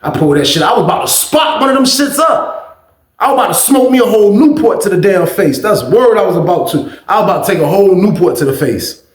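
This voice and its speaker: A man hosting a storytime vlog, animated and profane, repeating "you know what I mean" often. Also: sits high, quick pace, roomy sound. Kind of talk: casual storytelling.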